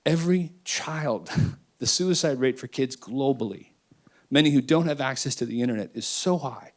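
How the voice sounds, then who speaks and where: A man speaking on a panel, emphatic and emotional, swinging between loud declarations and quiet asides. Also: medium pitch, normal speed. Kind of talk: impassioned panel talk.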